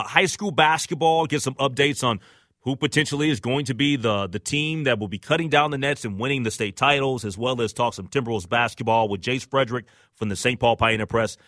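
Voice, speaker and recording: Male radio host, bright forceful tone, dry studio sound, easygoing and agreeable. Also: fairly quick, no echo. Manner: conversational, agreeable, rises in pitch when excited. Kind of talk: casual radio talk.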